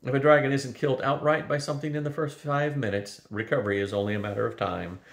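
An older man voicing a calm, wise female dragon who is unwell, speaking in a steady, matter-of-fact way in a roomy-sounding recording. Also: medium pitch, fast, creaky, pitched above the performer's own voice, natural voice. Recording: roomy echo.

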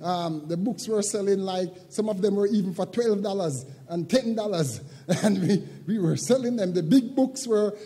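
An older man preaching a sermon as pastor, moving from quiet, halting reflection to loud, shouted preaching. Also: high-pitched, husky, big-room sound. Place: church sanctuary.

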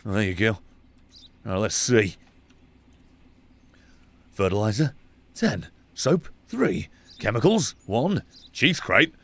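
A young man playing a video game and commenting as he goes, sarcastic and swearing, dropping to mutters and then shouting. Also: on the low side, big pitch swings, slow pace, long pauses. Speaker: gaming streamer.

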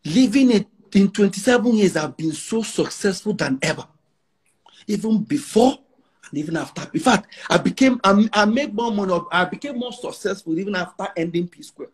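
Nigerian man in his 40s with a Pidgin-laced accent, boastful interview guest, high husky voice with lively swings. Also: normal speed. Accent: Nigerian English with Pidgin. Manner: emphatic, repeats himself, mixes in Pidgin.

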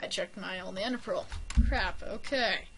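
A woman's voice: medium pitch, moderate pace. A woman giving casual, playful let's-play commentary, rambling, joking at herself and giggling often. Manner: playful, giggly, rambling with self-mocking jokes. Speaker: gameplay commentator. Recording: noisy home mic with keyboard clicks.

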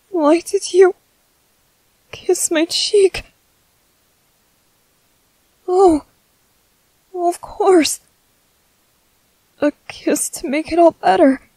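A woman voicing a timid, gentle young man who stammers softly and apologizes, in a whispered role-play. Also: sits high, dry recording, low-quality recording. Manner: hesitant, stammering, soft-spoken.

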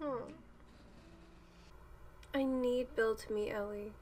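A woman's voice: high voice, slow, long pauses, slight background noise. A young woman reacting to a TV episode, swearing and pleading with the characters on screen. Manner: profane, talks back at the screen. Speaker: reaction video host.

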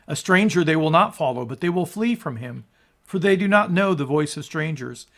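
Male pastor, slightly higher voice, earnest sermon delivery with swelling emphasis and quiet, low phrase endings. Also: expressive, moderate pace. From United States. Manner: earnest, rises in emphasis on quotes, drops low at phrase ends; restarts and stumbles on words. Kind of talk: sermon, scripture reading and commentary.

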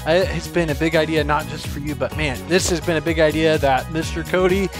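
A man's voice: on the high side, steady tone, fairly quick, music in the background. A man hosting an online kids church show from a theater stage, upbeat and playfully teasing. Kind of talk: presenting to children.

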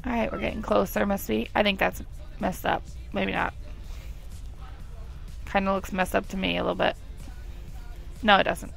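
Young woman, gravelly tone, chatty let's play commentator who talks to her characters and giggles a lot. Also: medium pitch, little pitch movement, normal speed, pauses often, faint music behind. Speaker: gameplay commentator.

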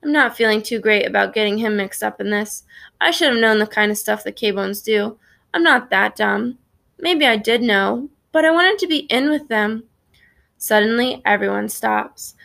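Gravelly-voiced woman reading a story. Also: mid-range voice, moderate pace, a bit bright. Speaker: audiobook narrator. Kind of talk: first-person storybook narration.

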